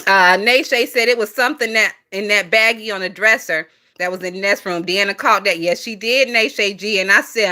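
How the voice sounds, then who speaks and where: Bright-voiced, profane woman gossip host. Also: mid-range voice, a little slow. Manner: profane, blunt, laughs often, reads comments aloud. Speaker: commentary channel host. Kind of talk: casual gossip commentary reading chat.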